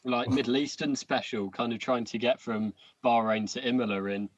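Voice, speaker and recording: A man's voice: mid-range voice, steady tone, normal speed, dry recording. A man co-hosting a casual podcast, rambling with hesitant restarts and frequent laughter. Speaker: podcast co-host. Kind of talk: casual chat. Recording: dull lo-fi.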